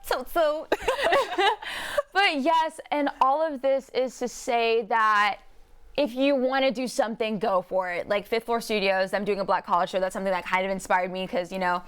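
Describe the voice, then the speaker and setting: Bubbly high-voiced young woman co-hosting. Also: moderate pace, clear, resonant tone. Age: young adult. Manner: bubbly, laughing, animated. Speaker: co-host. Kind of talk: casual talk show chat. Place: campus studio.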